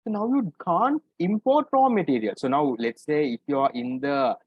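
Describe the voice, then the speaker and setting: Animated, husky Sri tutor. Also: male voice, fairly high pitch, normal speed, dry recording. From Sri Lanka. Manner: explains step by step, keeps asking students "right?". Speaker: economics tutor. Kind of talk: online exam-paper lecture. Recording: dull lo-fi recording.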